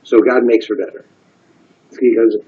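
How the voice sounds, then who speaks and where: Man, rabbi, Torah class; husky mid-range voice, earnest and conversational, muffled lo-fi recording. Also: lowish voice, steady tone, moderate pace. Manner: earnest, conversational, often asks "right?".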